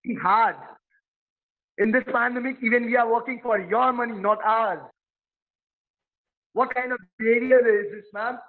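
A man's voice: extremely high pitch, steady tone, moderate pace, pauses often. A man playing a support agent on a phone call, pushy and threatening, repeating his demands over and over. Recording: tinny phone line.

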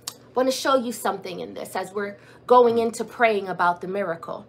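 A woman's voice: on the high side, animated, measured pace, slightly rough. A woman preaching a sermon and leading prayer, building her points through repetition and rhetorical questions. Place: church or streamed prayer service.

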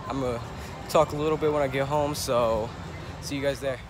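A man's voice: medium pitch, steady tone, moderate pace, noisy background. Chatty young man vlogging. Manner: upbeat, chatty, loose. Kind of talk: casual sports vlog. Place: outdoors after a football game, then at home.

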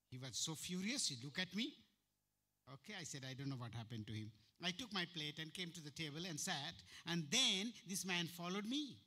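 A man with an Indian English accent preaching a sermon as pastor, firing rhetorical questions and jumping sharply in pitch and volume. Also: lively intonation, normal speed. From Uttarakhand, India. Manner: sudden sharp jumps in pitch and loudness.

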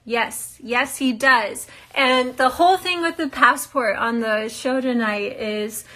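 During a relaxed live Q&A, a young woman from the US who's on a reality show reads out viewers' questions and responds in a chatty way with frequent laughter. She speaks a little slowly in a somewhat high, sharp voice.

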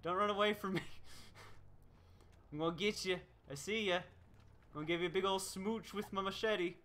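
A man's voice: high-pitched, normal speed, bright, forceful tone. Playful man taunting players in a game. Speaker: streamer. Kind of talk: live gameplay commentary.

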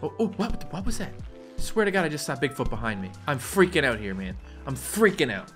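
Bright-voiced man doing jokey game commentary. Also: very animated, fairly quick, soft background music. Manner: jokey, jumps into squeaky high put-on voices. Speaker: gaming YouTuber. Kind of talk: let's play commentary.

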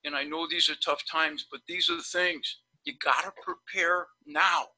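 A man with a very bright, somewhat high voice rambles through anecdotes in an animated, blunt way. He talks casually over a video call, like a dentist chatting shop with colleagues. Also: normal speed, poor audio. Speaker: periodontist guest. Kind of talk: casual storytelling on a webinar.

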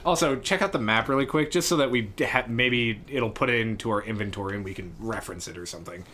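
A man's voice: on the low side, fast talker, pushed and bright, a little hiss or hum. A man hosting a casual let's-play, joking and laughing often with his co-player. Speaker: gaming channel host.

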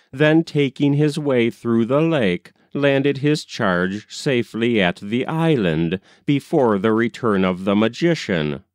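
A man reading a story aloud in a measured, expressive narrating manner. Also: mid-range voice, smooth, no room sound, clean studio sound. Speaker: audiobook narrator.

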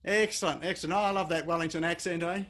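A man's voice: on the high side, fairly even intonation, fast talker, fairly bright tone. An Australian man hosting a video call, casual and full of fillers and restarts. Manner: hesitant, many fillers. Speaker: webinar host.

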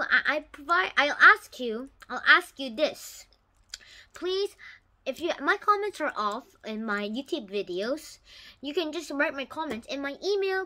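A woman casually retelling a novel for her channel, halting with restarts and bursting into loud, excited outbursts. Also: high voice, low-quality recording. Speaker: YouTube storyteller.

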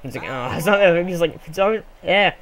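A young man casually commenting on a sports video game he is playing, rambling and excitable with sudden yells. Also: sits high, fairly quick, a little hiss or hum. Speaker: gameplay commentator. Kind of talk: casual let's play commentary.

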